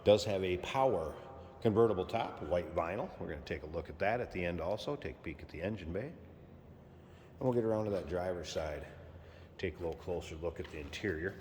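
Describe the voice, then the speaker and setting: A man giving a relaxed, plainspoken walkaround sales pitch for a classic car in a large indoor showroom. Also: fairly quick, big-room sound, a little hiss or hum. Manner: relaxed, plainspoken, repeats key points.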